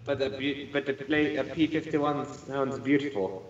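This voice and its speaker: A man's voice: mid-range voice, fairly even intonation, moderate pace, a little hiss or hum. A man co-hosting a casual podcast, chatting and quoting films. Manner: chatty, quotes films with laughter. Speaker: podcast co-host. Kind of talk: casual chat. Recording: roomy, distant, dull lo-fi mic.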